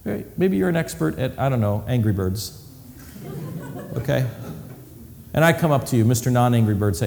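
A male preacher giving a sermon, telling the story with animated delivery and acting out scenes. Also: mid-range voice, normal speed, gravelly, pauses often, a little hiss or hum. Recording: long hall reverb.

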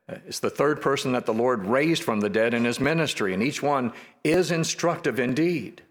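An earnest man preaching from the pulpit, with a voice of ordinary middle pitch. He speaks in a measured way and slows right down to lean on each verse he quotes. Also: a bit bright. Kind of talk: sermon.

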